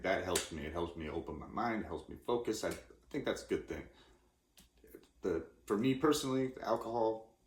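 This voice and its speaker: A man's voice: sits low, a little hiss or hum. A man in his forties from California, talking casually in a rambling, self-interrupting way with lots of restarts. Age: 40s. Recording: roomy echoey room.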